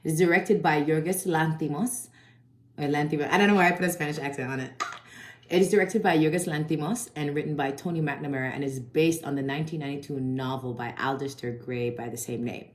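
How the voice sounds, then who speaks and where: A woman with a notably low voice talks through a film review in a loose, slangy way, swearing freely. The sound is roomy and echoey. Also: steady tone, quick pace. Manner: chatty, slangy and profane. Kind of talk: casual video review. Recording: echoey room.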